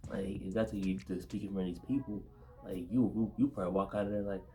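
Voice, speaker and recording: A man co-hosting a casual faith conversation, halting and full of fillers, with a stutter. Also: sits low, fairly even intonation, mellow. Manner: halting, many fillers, laughs easily. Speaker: podcast co-host.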